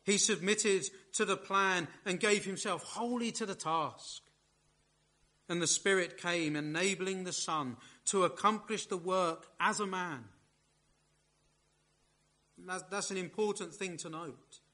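A man preaching a sermon in a measured, emphatic way, leaning hard on key words. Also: high-pitched, sharp tone.

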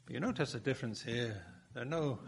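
A man's voice: mid-range voice, animated, fast, vocal fry, slightly rough. A man preaching a sermon, building his points with rhetorical questions and emphatic repetition.

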